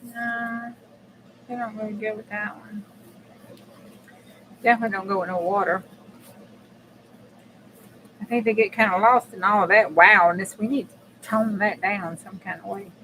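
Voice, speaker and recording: A woman's voice: medium pitch, steady tone, moderate pace, long pauses, a bit bright, a little hiss or hum, poor audio. A woman hosting a casual live crafting chat, chatty and blunt, swearing freely and talking straight to her viewers. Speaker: crafting channel host.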